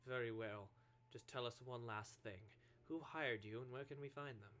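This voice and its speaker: A man voicing a pompous gentleman inspector who speaks in a grand, formal way. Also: medium pitch, moderate pace, close to an everyday voice. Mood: inquiring.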